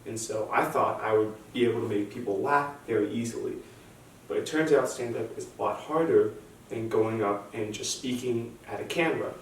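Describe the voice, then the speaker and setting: A man's voice: on the low side, normal speed. A young man doing a stand-up set, self-deprecating and hesitant, with frequent restarts. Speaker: stand-up comic. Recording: very echoey room, distant mic, faint hum.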